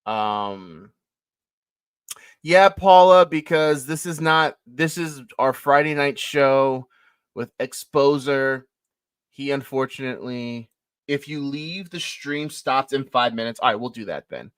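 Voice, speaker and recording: A man's voice: medium pitch, slow pace, smooth, no echo. A man co-hosting a live stream, talking casually and rambling to his viewers. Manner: rambling, chatty, laughs often.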